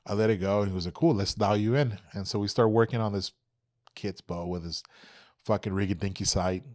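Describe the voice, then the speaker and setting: Man, low voice, dry sound, casual storytelling, swears a lot, acts out quotes. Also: a little fast, no room sound. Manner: animated, profane, acts out quotes. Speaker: podcast guest.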